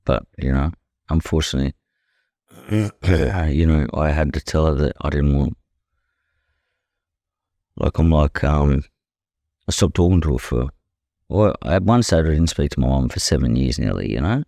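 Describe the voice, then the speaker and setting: Very deep-voiced, blunt Australian man. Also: lively intonation, moderate pace, gravelly, long pauses, mellow, no room sound, studio quality. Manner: blunt and profane, leans heavily on "you know". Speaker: podcast guest, professional boxer. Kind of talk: candid conversational storytelling.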